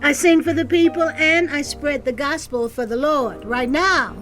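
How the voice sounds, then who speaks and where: An actress playing a gracious older woman who is an evangelist and gospel singer, speaking slowly and reassuringly in an audio drama. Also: high-pitched, fairly bright tone, soft background music. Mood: dignified.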